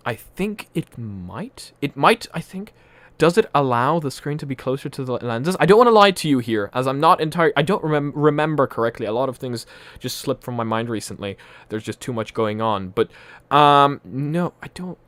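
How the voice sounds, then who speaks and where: A man's voice: medium pitch, fairly bright tone, dry recording. Chatty man with a mixed Irish-tinged accent. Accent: mixed, partly Irish. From Poland. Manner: chatty and rambling, with frequent laughs. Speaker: livestream host. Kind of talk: casual live-stream chat. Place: home room with a ring light.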